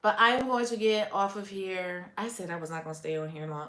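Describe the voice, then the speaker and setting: A woman's voice: medium pitch, steady tone, brisk, a bit bright, roomy sound. A woman hosting a casual livestream, chatting with viewers, laughing often and reacting to comments. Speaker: livestream host. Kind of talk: casual live chat.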